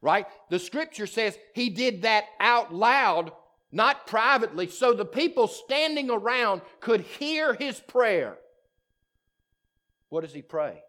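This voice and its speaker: A man preaching a sermon, emphatic and impassioned, repeating key phrases and moving between loud declarations and hushed asides. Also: sits high, expressive, takes it slowly. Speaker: pastor.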